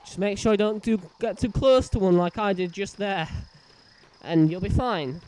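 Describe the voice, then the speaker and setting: A man's voice: high voice, moderate pace, darkish tone. A man giving casual, rambling gameplay commentary full of fillers. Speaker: let's play host.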